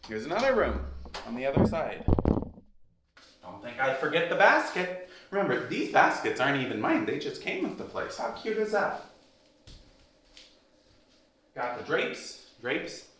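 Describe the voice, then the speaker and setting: A man's voice: on the high side, fairly bright tone. A man hosting a casual house-tour vlog, talking straight to viewers in an emphatic, sassy way as he walks through the rooms of a house. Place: rooms of an emptyish house, indoors. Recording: roomy echoey rooms.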